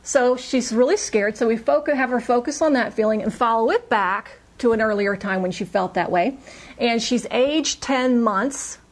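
Animated woman telling a client story. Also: normal speed. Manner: animated, acts out client's quotes in higher voice. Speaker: hypnotherapist. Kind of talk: casual storytelling on a podcast.

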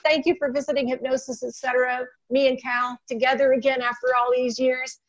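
A woman with a high voice talks shop as a hypnotist, animated as she acts out both sides of a client conversation. She sounds casual and chatty, as if speaking over a video call. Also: normal speed, muffled recording. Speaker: guest hypnotist. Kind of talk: casual teaching talk.

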